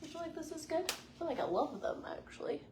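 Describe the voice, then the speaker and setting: A lifestyle vlogger in her forties talks to the camera from a Las Vegas hotel room, chatty and bubbly with plenty of likes and ums. She has a high, sing-song voice and a quick pace, and background noise is clearly audible.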